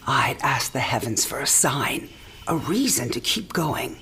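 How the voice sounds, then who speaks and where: An actress playing an elderly mother on her last night alive, wry, teasing and frank, often speaking softly in a game cinematic. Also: extremely low pitch, very animated, a little slow, slight background noise, full character voice. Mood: tender. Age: older. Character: dying elderly mother, warm, sharp-witted, frank. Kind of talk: video game cinematic drama.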